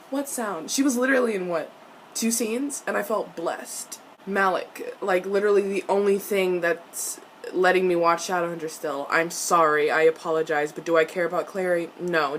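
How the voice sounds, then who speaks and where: Excited swearing young woman fangirling. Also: fairly low pitch, a little hiss or hum, rough recording. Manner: excited, profane fangirl ranting, quick asides and laughs. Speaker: TV episode reviewer. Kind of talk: casual fan reaction vlog.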